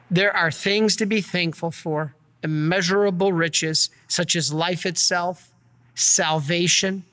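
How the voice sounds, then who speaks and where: A priest preaching a conversational sermon, with asides and frequent restarts. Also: male voice, high voice, sharp tone, big-room sound.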